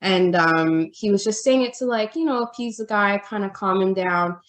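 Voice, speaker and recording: A woman guest on a podcast, telling a personal story in a chatty, animated way with lots of "like" fillers. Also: mid-range voice, normal speed. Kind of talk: casual storytelling chat. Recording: roomy echo.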